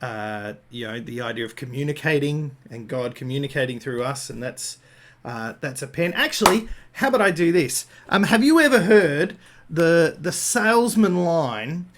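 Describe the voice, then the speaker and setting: A man's voice: fairly high pitch, expressive, moderate pace. An Australian man giving an improvised Christian talk, thinking aloud with frequent fillers and restarts. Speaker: Christian speaker.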